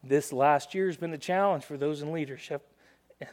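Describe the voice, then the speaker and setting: A male guest preacher giving a sermon, retelling scripture in a lively storytelling way, acting out the characters' lines with sudden loud bursts and dropping to quiet, joking asides. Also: fairly high pitch, moderate pace. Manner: drops to quiet asides and jokes.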